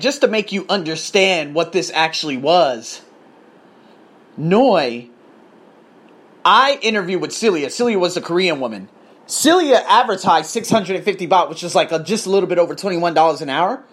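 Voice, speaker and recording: A man's voice: high voice, lively intonation, normal speed, a bit bright, breathy edge. An American man hosting a podcast, telling a story in a crude, emphatic, ranting way. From United States. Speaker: podcast host. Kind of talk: casual storytelling.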